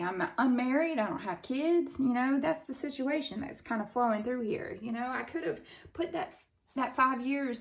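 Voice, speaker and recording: A woman in her thirties with a Southern US accent giving a casual tarot reading, blunt and chatty, swearing freely and using lots of fillers. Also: a little high. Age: 30s. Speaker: tarot reader.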